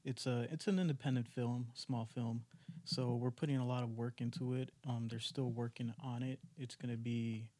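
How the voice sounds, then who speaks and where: Animated storytelling young man, dry close mic. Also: mid-range voice, moderate pace, dry recording. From United States. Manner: animated storytelling, acts out his own past thoughts. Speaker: podcast guest, actor and musician. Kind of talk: casual podcast chat.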